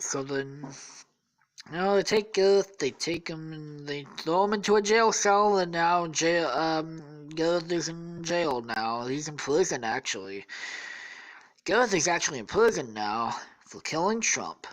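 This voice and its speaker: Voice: mid-range voice, animated, measured pace, rough recording. A worn-out podcast host tells a made-up story off the cuff. The delivery rambles, trips over itself and is full of "um"s, "like"s and casual profanity. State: tired.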